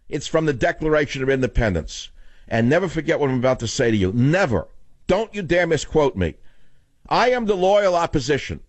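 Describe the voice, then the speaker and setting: A man's voice: fairly high pitch, no echo. An older man hosting a political talk radio show, lecturing his listeners in a combative, emphatic monologue.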